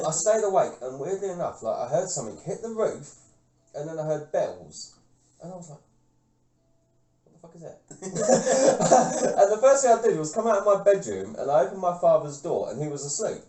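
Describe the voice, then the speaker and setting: A man telling a rambling, sweary story on a podcast, with a lively voice that swoops up and down and a mellow, dark tone. He sounds a little away from the mic, in an echoey room. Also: a little high, normal speed, recorded from a distance. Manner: swears often, laughs through his stories. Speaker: podcast co-host. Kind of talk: casual chat.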